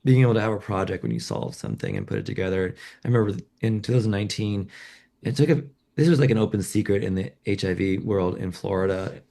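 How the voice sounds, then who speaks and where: A scratchy, gravelly man sits for an interview, his voice pitched on the low side. He speaks haltingly, repeating words and restarting his sentences, and fills the gaps with "you know.". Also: big pitch swings, mellow. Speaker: journalist guest. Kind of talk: conversational interview.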